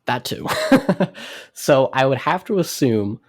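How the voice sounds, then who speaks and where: A man co-hosting a casual gaming podcast, relaxed and chuckling between points. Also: mid-range voice, slow pace, dry recording, studio quality. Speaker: podcast co-host.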